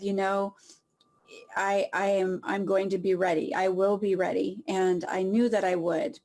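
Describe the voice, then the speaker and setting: A woman sharing a personal story in an emotional, heartfelt way, pausing often and laughing softly through tears. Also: mid-range voice. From Southern California.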